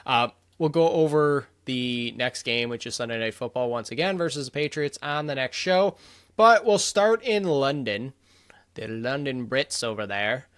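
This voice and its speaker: A man's voice: fairly high pitch, moderate pace, clean tone. A young man co-hosting a casual sports podcast, opinionated and blunt, rattling off scores and verdicts. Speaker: podcast co-host.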